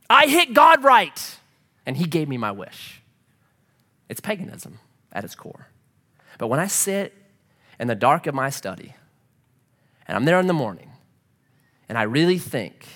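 A male pastor preaching a sermon in a church, animated and acting out quoted voices as he speaks. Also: mid-range voice.

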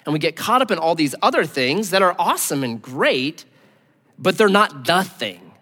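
A man preaching with a high, very lively voice that swings between punchy emphasis and hushed near-whispers. His casual, conversational sermon rings out with long reverb in a church hall. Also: moderate pace. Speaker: pastor.

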